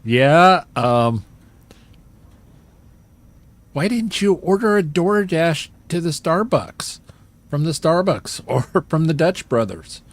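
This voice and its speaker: A game streamer gives casual gameplay commentary while reading and chatting with viewers, joking and chuckling often. His voice is on the high side and sing-song, slow, with long pauses.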